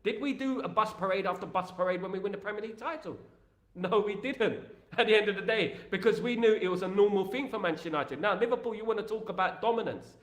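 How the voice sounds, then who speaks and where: Male football streamer, high voice, emphatic and rambling, echoey room. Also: fast talker. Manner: animated, rambling, emphatic, British slang. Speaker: football podcast host. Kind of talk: live-stream chat reading viewer comments.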